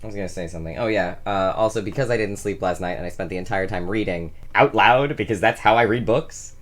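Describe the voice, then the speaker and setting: Hoarse, sleep-deprived rambling vlogger. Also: low voice, quick pace. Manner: giddy, scattered, sweary. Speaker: vlogger hosting a weekly singing stream. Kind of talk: rambling casual chat to camera. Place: hot room at home. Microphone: camera at close range.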